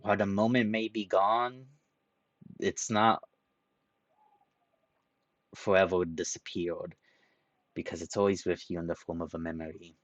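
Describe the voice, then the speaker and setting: Man, young adult, deep, emotional, halting, rambling, dry recording. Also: level tone, no room sound, lo-fi sound. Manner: rambling, halting with repeats and ums. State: tearful, emotional. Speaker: video reviewer. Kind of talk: emotional solo review.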